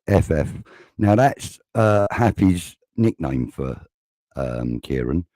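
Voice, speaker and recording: A man's voice: extremely low pitch, very animated, slow, dark tone, dry recording. A man hosting a casual live-stream chat, rambling and reading out viewer comments. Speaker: host. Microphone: video call.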